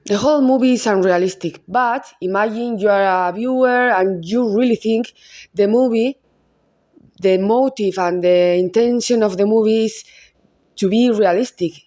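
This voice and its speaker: A woman's voice: mid-range voice, normal speed, mellow. A woman with a Spanish accent, a film reviewer giving a casual analysis monologue who halts, rephrases and repeats words as she goes.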